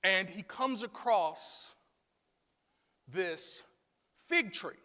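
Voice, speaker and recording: High-voiced preacher man in echoey hall. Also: animated, extremely slow. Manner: call-and-response preaching, rising to shouts. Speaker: pastor. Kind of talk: sermon. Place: church sanctuary.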